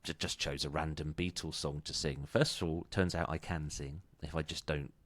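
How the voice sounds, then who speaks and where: A man's voice: rumbling low, fairly even intonation, moderate pace, fairly bright tone, no echo. A man hosting a podcast in casual chat, chatty and self-deprecating, laughing easily. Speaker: podcast host.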